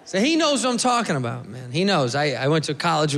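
A man from the United States doing a stand-up comedy set, animated and profane, slipping into funny voices for the people he mimics. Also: fairly high pitch, quick pace, vocal fry. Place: comedy club stage. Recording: live club mic, echoey hall, audience noise. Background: audience laughter.

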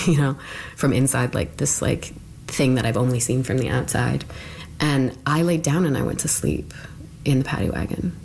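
Very deep-voiced woman telling her story. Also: creaky, a little mellow, a little hiss or hum. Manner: chatty, full of "like", drops to whispers for remembered thoughts. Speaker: interviewee. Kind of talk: casual personal storytelling.

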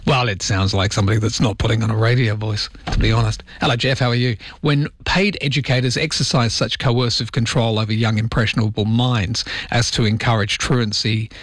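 A man's voice: fairly low pitch, steady tone, a little fast, hardly any pauses, fairly bright tone, no room sound. A man with a Welsh accent and a slight lisp, hosting overnight talkback radio, reading listener texts and giving his opinions in a chatty way. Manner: chatty and opinionated, with frequent ums. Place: radio studio.

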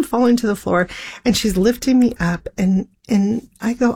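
A breathy woman in a talk-show conversation tells an emotional personal story. She acts out every line of dialogue, and her pitch jumps high when she is excited. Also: moderate pace. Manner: animated, re-enacts dialogue with big pitch swings. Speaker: guest.

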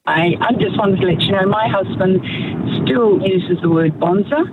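A woman's voice: medium pitch, normal speed. A woman with an Australian accent calling in to a talkback radio show, telling a chatty story. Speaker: caller. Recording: tinny phone line with background noise.

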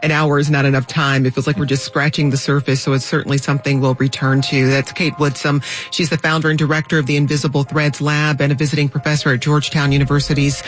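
A woman radio host signs off the show in a brisk, polished way, naming the guests and the credits. Soft music plays faintly underneath her voice. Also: low voice, little pitch movement. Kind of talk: closing a radio program.

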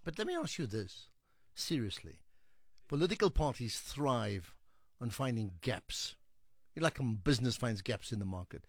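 A man's voice: medium pitch, very animated, normal speed, dry recording, studio quality. A man hosting a call-in radio show, responding to callers and arguing his points firmly. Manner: argues firmly, rising to emphatic appeals. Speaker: radio talk show host. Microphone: studio microphone.

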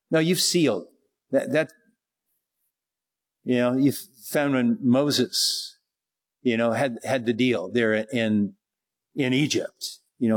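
A man preaching a sermon, reading scripture and explaining it with growing emphasis. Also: mid-range voice. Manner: slow, earnest Bible teaching, rising to emphatic preaching. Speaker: pastor.

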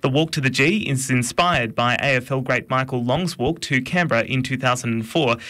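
A man reading a radio news bulletin in a steady, formal delivery. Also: medium pitch, normal speed. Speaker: newsreader. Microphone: studio microphone.

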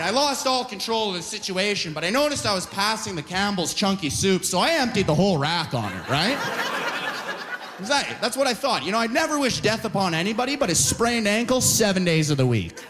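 A young Canadian man performs stand-up comedy, telling playful, rambling stories and frequently tagging lines with "right?". His voice sits high, and there is background noise.

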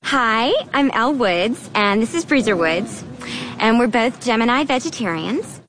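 A woman's voice: on the high side, expressive, measured pace, a bit bright, slight background noise, low-quality recording. An actress playing a bubbly young woman cheerfully introducing herself and her dog in a film clip. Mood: perky.

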